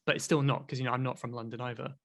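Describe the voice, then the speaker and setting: A man's voice: medium pitch, steady tone, rapid-fire. A man who teaches English, chatting casually, often repeating words as he starts a sentence. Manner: hesitant, repeats words, friendly agreement. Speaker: English teacher, podcast co-host. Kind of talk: casual chat.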